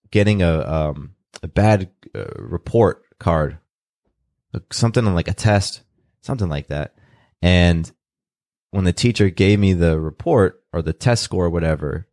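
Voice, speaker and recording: A man from California talking openly and earnestly in an interview, unhurried, often restarting his sentences. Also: low voice, a little mellow, no echo, studio quality. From California, USA. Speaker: guest. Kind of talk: reflective personal storytelling.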